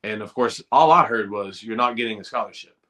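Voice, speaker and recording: Brief: middle-aged man, guest on a video call, bright forceful voice, animated storyteller. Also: lowish voice, brisk. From Eastern Kentucky. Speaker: guest, former college football player. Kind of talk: storytelling in a podcast interview.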